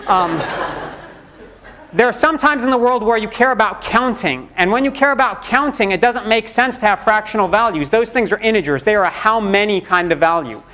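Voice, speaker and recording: A middle-aged man gives a university programming lecture in a lecture hall, keeping it conversational and joking as he acts out students' questions. His voice is high, pushed and bright, and he talks a little fast.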